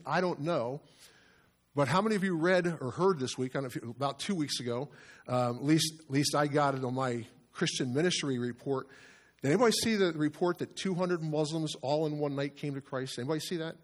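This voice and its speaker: A man's voice: fairly high pitch, a little fast. A middle-aged male pastor giving an earnest, conversational sermon with asides to his congregation.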